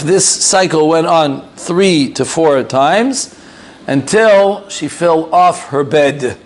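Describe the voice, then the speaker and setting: Male rabbi, slightly high voice, casual storytelling lesson. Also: slow. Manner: animated storyteller, loose, with fillers and asides.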